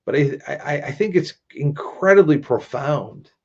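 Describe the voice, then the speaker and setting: A man's voice: a little high, a little slow, muffled recording. A man presenting a workplace training webinar in a conversational way, often checking in with "right?" and adding sarcastic asides.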